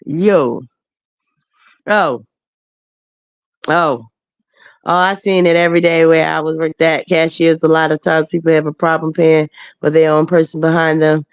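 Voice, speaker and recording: A woman's voice: low voice, flat delivery, measured pace, long pauses, clear, resonant tone, dry recording, lo-fi sound. A woman hosting a late-night livestream chat, emotional and laughing as she answers her viewers by name. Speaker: livestream host.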